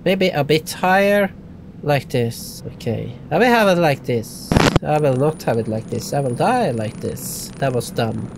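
A man doing let's play commentary, excitable and laughing often, dropping from loud yelps to hushed talk. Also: a little high, unhurried, creaky, background noise. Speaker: gaming YouTuber.

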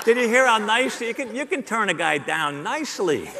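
Lively middle-aged man giving a sales keynote. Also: high voice, moderate pace, vocal fry, a crowd in the background. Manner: animated, joking, rhetorical, works the audience. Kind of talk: live motivational keynote. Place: large hall with a live audience. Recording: long hall reverb.

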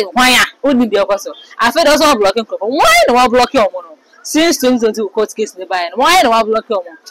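A woman with a Ghanaian accent giving casual gossip commentary, reading out comments and quotes in an animated way. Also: on the high side, rough recording. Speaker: entertainment commentator.

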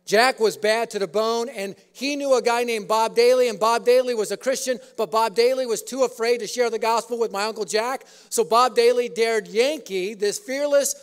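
High-voiced preacher in an echoing hall. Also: male voice, normal speed, few pauses, clean tone. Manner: humorous storytelling. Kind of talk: sermon. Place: auditorium. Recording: echoey auditorium.

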